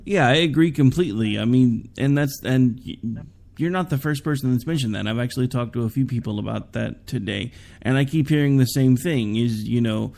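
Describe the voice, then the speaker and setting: A man's voice: medium pitch, a little fast, creaky, darkish tone. A man hosting a political talk show, chatting casually and giving opinionated takes with sarcastic asides. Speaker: podcast host.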